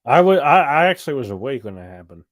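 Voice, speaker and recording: A man's voice: medium pitch, big pitch swings, fast, dry recording, clean studio sound. A man co-hosting a live sports stream, joking around, quoting film lines and tripping over his words. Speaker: co-host. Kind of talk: casual live sports chat.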